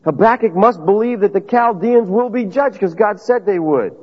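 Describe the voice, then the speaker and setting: High-voiced preacher, husky. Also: male voice, animated, normal speed. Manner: emphatic, conversational, asks the audience questions. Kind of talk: sermon. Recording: dull lo-fi audio with long reverb.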